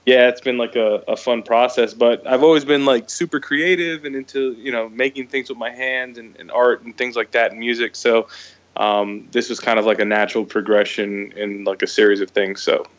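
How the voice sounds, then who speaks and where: A man from Florida, a guest speaking in an easygoing, relaxed way in a casual interview. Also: medium pitch, normal speed, muffled recording. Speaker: guest, business co-owner.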